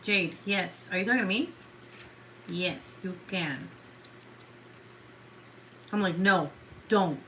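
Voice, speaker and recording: A woman's voice: on the low side, slow, long pauses, pushed and bright, a little hiss or hum, rough recording. A woman in her thirties chatting casually with viewers, swearing, rambling and laughing often. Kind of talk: casual chat.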